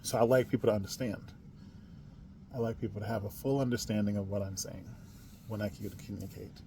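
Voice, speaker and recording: A man from the United States hosting a podcast, talking on his own in a casual monologue, emphatic, spelling words out and swinging from quiet to loud. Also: lowish voice, fairly even intonation, fairly quick, slight background noise. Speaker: podcast host.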